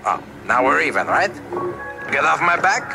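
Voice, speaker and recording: An actor playing a sly male sailor informant with a French Canadian accent, heard in an old animated film clip. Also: a little high, normal speed, creaky. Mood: wary. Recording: music-scored film clip.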